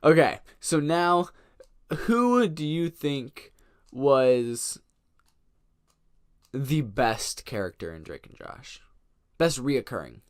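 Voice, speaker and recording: A man's voice: mid-range voice, animated, takes it slowly, long pauses, clean tone. A young man co-hosting a podcast in casual chat, agreeable and chiming in with short replies and curses. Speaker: podcast co-host.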